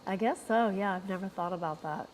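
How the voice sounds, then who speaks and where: A woman's voice: medium pitch, fairly quick, a little hiss or hum, poor audio. A woman co-hosting a casual chat, answering briefly and dryly and laughing along.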